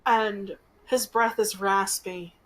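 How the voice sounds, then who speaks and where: A woman game master narrating a tabletop game in a slow, gentle storytelling manner. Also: mid-range voice, fairly even intonation, low-quality recording.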